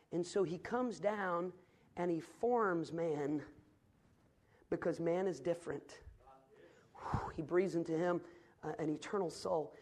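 A man from the northern United States preaches in a high, ringing voice. He piles up phrases toward loud peaks, then drops to hushed asides. The tone is earnest and pastoral throughout. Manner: emphatic preaching, rising to loud climaxes and dropping to quiet asides. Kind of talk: sermon. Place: church sanctuary.

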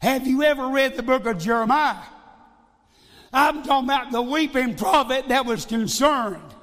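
A man's voice: very high voice, a bit bright. A male evangelist preaching a sermon, emphatic, repeating phrases and firing rhetorical questions. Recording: long hall reverb.

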